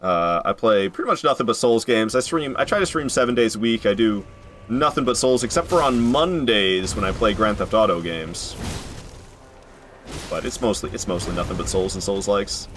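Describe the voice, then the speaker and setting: A man's voice: on the low side, expressive, moderate pace, a bit bright, soft background music. A man chatting casually with his viewers while he streams a video game from home, joking and laughing often. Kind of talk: casual live-stream commentary.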